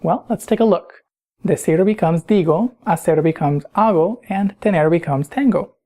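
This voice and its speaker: Woman teacher, low mellow voice, patient explainer who quizzes the listener. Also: normal speed. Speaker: Spanish teacher. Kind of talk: recorded grammar lesson.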